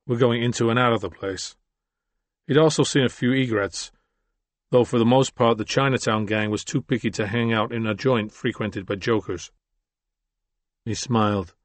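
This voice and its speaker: Brief: man reading fiction aloud, steady and measured, low voice, dead-dry sound. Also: no room sound. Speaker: audiobook narrator. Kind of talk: scripted narration.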